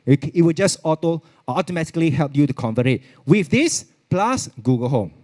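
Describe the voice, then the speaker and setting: A man's voice: fairly high pitch, lively intonation, a little fast, darkish tone. A man with a Singaporean English accent giving a chatty live product demo, repeating himself and slipping into Mandarin. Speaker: product presenter at a virtual expo.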